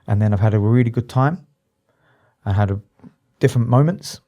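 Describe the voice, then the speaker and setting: Earnest man, dark-toned voice. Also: lowish voice. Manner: earnest, emotional, halting with restarts. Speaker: psychotherapist and addiction specialist, guest. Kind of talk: candid interview talk.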